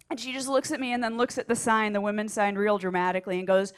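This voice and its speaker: A woman's voice: mid-range voice, fairly even intonation, quick pace, hardly any pauses. A stand-up comedian on a club stage, talking in a rambling, self-deprecating way and laughing at her own jokes. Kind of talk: stand-up set.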